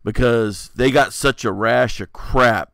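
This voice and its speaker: A man's voice: mid-range voice, takes it slowly, vocal fry, a bit bright, a little hiss or hum. A middle-aged man co-hosting a casual chat, laid-back and joking, rambling with fillers. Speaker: podcast co-host.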